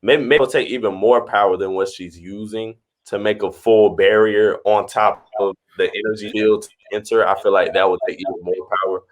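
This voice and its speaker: A man co-hosting a podcast, thinking aloud in a relaxed, casual chat. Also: on the low side, normal speed, hardly any pauses. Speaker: podcast co-host.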